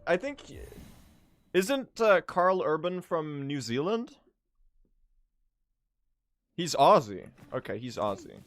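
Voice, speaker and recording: A man's voice: fairly high pitch, very animated, slow pace, pauses often, no room sound. A young man streaming a game speedrun, chatting casually in a rambling, self-deprecating way and laughing often.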